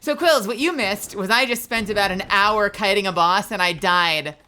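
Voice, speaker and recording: A woman streaming a game live, chatting to viewers, swearing often and swinging from shouting to muttering. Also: mid-range voice, moderate pace. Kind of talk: live gameplay stream chat.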